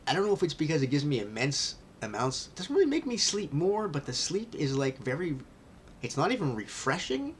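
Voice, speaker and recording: A man telling a candid personal vlog story, rambling with many restarts and often dropping to a hushed near-whisper. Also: on the high side, big pitch swings, a little fast, a little hiss or hum.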